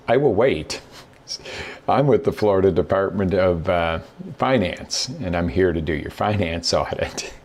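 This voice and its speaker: Low gravelly-voiced male coach. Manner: conversational storyteller who acts out quotes. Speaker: host and business coach. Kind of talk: casual motivational talk with stories.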